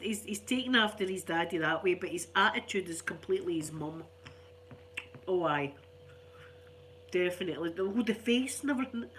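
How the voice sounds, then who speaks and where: A woman's voice: medium pitch, fairly bright tone, a little hiss or hum. An older Scottish woman chatting casually to viewers, rambling and laughing often, sounding stuffy and unwell. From Scotland. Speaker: ASMR channel host.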